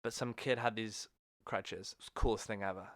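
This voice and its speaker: A man's voice: fairly low pitch, steady tone, moderate pace, fairly bright tone, no echo, studio quality. A man hosting a podcast, telling a long story in a rambling, self-correcting way. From England. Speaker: podcast host. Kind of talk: casual chat.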